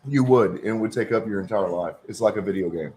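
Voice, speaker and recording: Low-voiced Texan man chatting. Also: quick pace, darkish tone. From Texas. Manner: rambling, hesitant with fillers. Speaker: stream host. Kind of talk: casual chat.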